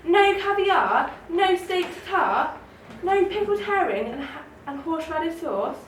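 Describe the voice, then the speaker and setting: A woman's voice: extremely high pitch, sing-song, measured pace, a little hiss or hum, voice pushed up, heavily acted. A woman voicing a snooty, posh male town mouse who scoffs haughtily. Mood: scoffing. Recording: roomy, distant mic, faint ambience.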